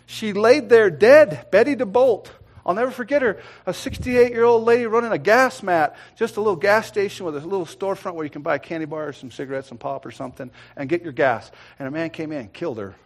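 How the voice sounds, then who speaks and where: A middle-aged man preaches a sermon in a high-pitched, fast voice, swinging between loud, emphatic lines and quiet, hushed ones.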